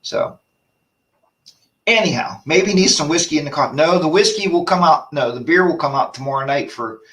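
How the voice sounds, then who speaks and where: A man hosting a laid-back live stream, rambling from one tangent to the next and ranting as he answers viewer comments. His voice sits a little on the high side, and he sounds somewhat distant from the microphone. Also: moderate pace, fairly bright tone. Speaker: host of a motorcycle chat show. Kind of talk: casual live-stream chat.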